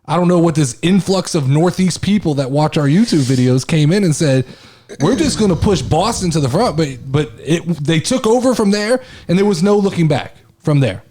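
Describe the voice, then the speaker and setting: Animated high-voiced man hosting a podcast. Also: moderate pace. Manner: excitable, animated storytelling with swearing. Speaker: podcast co-host. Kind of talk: casual sports podcast chat.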